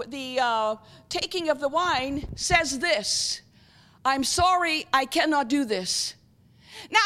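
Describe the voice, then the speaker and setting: A woman preaching a sermon as a guest speaker. She keeps asking the audience whether they are with her and often clears her throat. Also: high-pitched, sharp tone. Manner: engaging, repeatedly checks with the audience.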